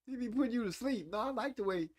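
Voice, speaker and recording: This live-stream host, a man in his forties, talks fast in a very high-pitched, slightly mellow voice. Chatty and teasing, he pokes fun at viewers over old movies and reads chat out loud.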